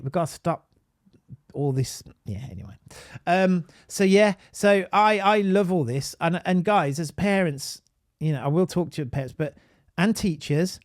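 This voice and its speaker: A man with a Birmingham accent, an autism advisor and parent, talking in an animated, emphatic monologue with frequent restarts and tangents. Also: a little high, dry recording, studio quality. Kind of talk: casual live-stream monologue.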